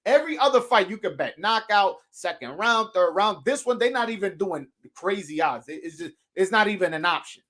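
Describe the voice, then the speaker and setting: A man's voice: sits high, lively intonation, brisk, hardly any pauses, pushed and bright. A man hosting a call-in boxing show, talking casually and animatedly, cursing freely, laughing and restarting often. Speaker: podcast host.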